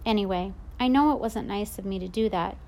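A woman's voice: medium pitch, a little fast, dark tone. Confiding woman reading a storybook. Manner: confiding, reflective boy's point of view. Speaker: audiobook narrator. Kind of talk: first-person storybook narration.

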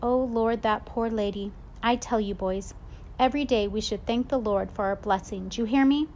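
A woman's voice: a little high, moderate pace, a little mellow, a little hiss or hum, close to an everyday voice. A woman reading a storybook, voicing a stern but caring babysitter who scolds firmly and calls on the Lord. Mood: scolding. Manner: scolding, firm, God-fearing.

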